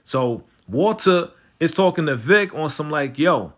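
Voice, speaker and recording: A man casually recapping a TV episode, animated and slangy, jumping into the characters' lines as he retells scenes. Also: on the high side, unhurried. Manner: slangy, conversational, lots of "you know" and "right?". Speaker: TV recap host.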